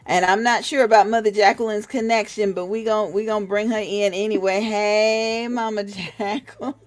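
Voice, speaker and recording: A woman's voice: mid-range voice, fairly even intonation, moderate pace, few pauses. A woman hosting a livestream interview in a casual way, encouraging her guests with short affirmations. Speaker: livestream host.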